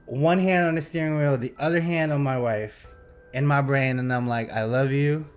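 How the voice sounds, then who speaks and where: A young man in casual podcast chat, telling a story in an animated, excitable way and acting out sound effects. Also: mid-range voice, moderate pace, clean tone, soft background music. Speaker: podcast host.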